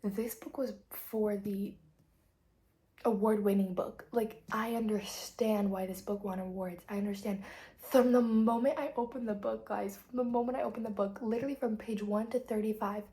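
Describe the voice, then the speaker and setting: A woman's voice: mid-range voice, normal speed. Gushing teen girl chatting about a book. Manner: gushing, excitable, many likes, sometimes drops to a whisper. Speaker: book vlogger. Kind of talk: casual chat.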